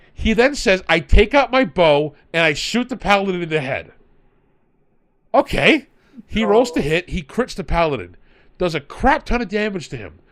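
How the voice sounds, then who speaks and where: A man hosting a podcast, telling a tabletop game story in casual chat and retelling his players' lines. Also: fairly high pitch. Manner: animated, retells players in quoted voices. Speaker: podcast host and game master.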